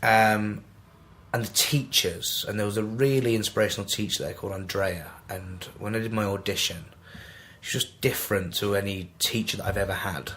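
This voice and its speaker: Mancunian guest in his twenties, lowish voice, animated storyteller who acts out the dialogue; faint ambience behind. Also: moderate pace, slight background noise. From Manchester, England. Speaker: podcast guest, actor. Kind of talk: casual anecdotal storytelling.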